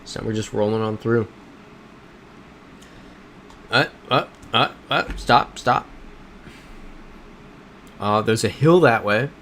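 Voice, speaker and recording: A man with a fairly low voice talks through a live game stream, chatty and thinking aloud as he reacts to his chat. A faint air-conditioning hum sits behind him. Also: slow pace, long pauses, a bit bright.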